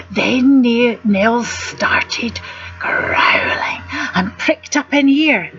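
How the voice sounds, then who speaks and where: A woman's voice: on the high side, lively intonation, drawn-out words, fairly bright tone, lo-fi sound, soft background music. A woman reading a rhyming picture book aloud to children, gasping and asking the listener questions. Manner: gasps and asks the listener questions. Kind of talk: animated read-aloud storytelling.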